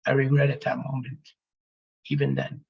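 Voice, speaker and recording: Male speaker, rough gravelly rasp, halting emotional testimony, muffled sound. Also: mid-range voice, monotone. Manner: halting, emotional, with pauses and restarts. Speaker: speaker telling his near-death story.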